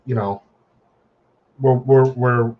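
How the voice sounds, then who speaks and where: Husky-voiced man on a dull line. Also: mid-range voice, steady tone. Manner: halting, repeats words while searching for phrasing. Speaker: guest, parent. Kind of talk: casual chat.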